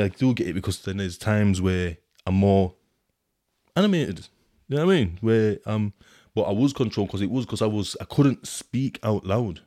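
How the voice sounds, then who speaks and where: A man's voice: brisk, dark tone, no echo, clean studio sound. A man, talking through his prison experiences in a rambling, casual monologue full of slang and fillers, now and then reading from a report. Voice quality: deep voice. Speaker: podcast host telling his prison experiences.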